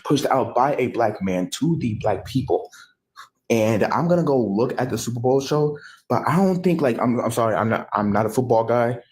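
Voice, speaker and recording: A man's voice: medium pitch, darkish tone, rough recording. An American man giving a rambling, profane reaction commentary, often stopping to correct himself. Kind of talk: casual ranting commentary.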